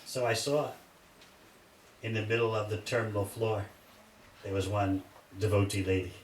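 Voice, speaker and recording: An older man, a monk, giving an animated storytelling sermon in a temple hall, with listeners laughing. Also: on the low side, moderate pace. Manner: animated anecdotes, laughing audience. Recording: echoey hall, distant mic, faint hiss. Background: audience laughter.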